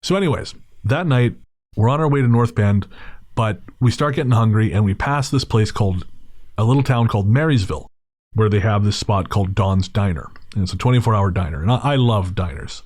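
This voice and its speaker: A man hosting a podcast, telling a long story in a relaxed, digressive way and correcting himself as he goes. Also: lowish voice, brisk, no room sound, clean studio sound. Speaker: podcast host. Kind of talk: casual storytelling.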